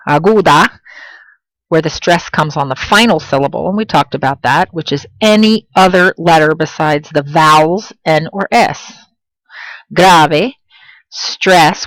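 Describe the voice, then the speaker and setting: A woman teaching a video language lesson, pronouncing example words slowly and clearly and encouraging her students directly. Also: sits low, dry recording, rough recording. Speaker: Spanish teacher.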